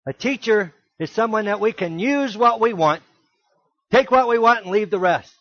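High-voiced, emphatic male preacher. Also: expressive, normal speed, no echo, dull audio. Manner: emphatic preaching, with rhetorical questions and sudden loud exclamations. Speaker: pastor. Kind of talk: sermon.

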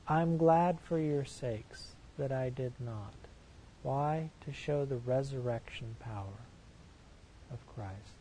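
A man's voice: mid-range voice, slow pace, mellow, a little hiss or hum, low-quality recording. A man preaching a sermon, reading scripture verses aloud and commenting on them with rhetorical questions in an earnest, emphatic way.

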